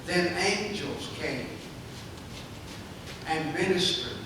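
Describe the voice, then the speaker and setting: A man preaching a sermon as pastor, building to loud, fervent climaxes and dropping back to quiet asides. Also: sits high, expressive, very slow, background noise. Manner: preaching with swelling, shouted climaxes. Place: church sanctuary. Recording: echoey church hall, mic far off.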